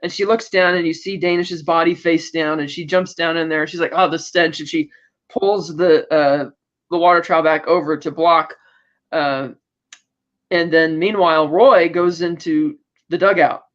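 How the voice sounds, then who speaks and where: A man with a high voice retells a TV episode for a podcast, briskly acting out each character's lines as he goes. The sound is dull and lo-fi. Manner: animated storytelling, acting out quoted lines. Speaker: podcast co-host. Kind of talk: casual recap of a TV episode.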